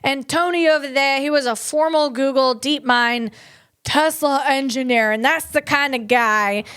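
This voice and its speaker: Excitable high-voiced woman podcaster. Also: unhurried, no echo, clean studio sound. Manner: bubbly, excitable, rambling with playful asides. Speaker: podcast host and comedian. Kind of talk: solo comedic tech podcast chat.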